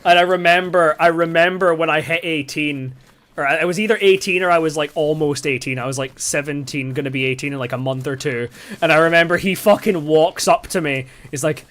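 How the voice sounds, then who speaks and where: A man's voice: on the high side, brisk, a bit bright. A young man from the UK chatting casually and rambling, with lots of fillers and swearing, while streaming a game. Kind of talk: casual storytelling while gaming.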